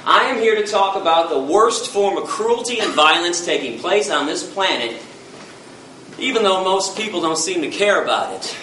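A man's voice: high voice, expressive, moderate pace, pushed and bright, a little hiss or hum. A man from the United States giving a passionate public lecture, blunt, fiery and confrontational, heard from far off in an echoey hall.

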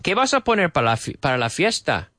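A man's voice: on the high side, very animated, quick pace, sharp tone, no echo, studio quality. A man teaching English to Spanish speakers, drilling short questions and answers over and over and explaining how native speakers link words. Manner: drills example phrases, repeating questions and answers.

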